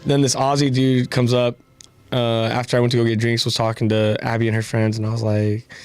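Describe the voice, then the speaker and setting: A man's voice: mid-range voice, fairly quick, clear, resonant tone, soft background music. Man telling a story, acting out quotes. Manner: animated storytelling, acts out quotes. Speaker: podcast co-host. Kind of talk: casual chat.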